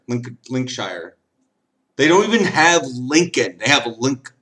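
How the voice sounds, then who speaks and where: A man's voice: on the high side, sing-song, normal speed, pushed and bright. A man chatting casually while he plays games on a stream. He is tipsy, rambles, jokes and giggles as he goes. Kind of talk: casual chat while gaming.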